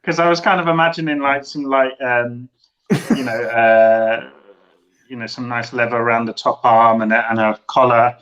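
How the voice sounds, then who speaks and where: Rambling cheeky man, mid pitch. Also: steady tone, normal speed, fairly bright tone, lo-fi sound. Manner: rambling, cheeky, lots of fillers. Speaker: guest. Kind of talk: casual group chat on a video call.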